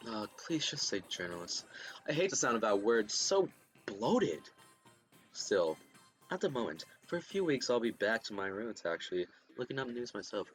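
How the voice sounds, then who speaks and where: A man voicing a poised female TV journalist who speaks briskly and a little haughtily, with faint music behind. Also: on the low side, big pitch swings.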